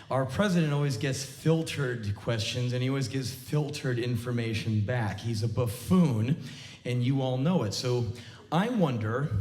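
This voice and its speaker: A man in his forties performing a live comedic spoken word monologue, sardonic and emphatic, on a large theater stage. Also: medium pitch. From United States. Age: 40s. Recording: roomy live theater recording.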